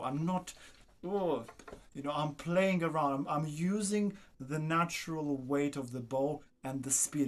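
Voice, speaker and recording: A man teaching a violin masterclass, coaxing his student and singing phrases to show them. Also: fairly high pitch. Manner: coaxing, sings phrases, asks "do you understand?". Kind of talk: masterclass coaching.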